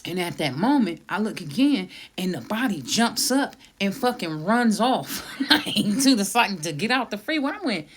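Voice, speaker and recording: A woman's voice: mid-range voice, big pitch swings, moderate pace, a little hiss or hum. A middle-aged woman comedian telling a profane story, laughing often and acting out the quotes. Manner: laughs through the story, swears a lot, acts out quotes.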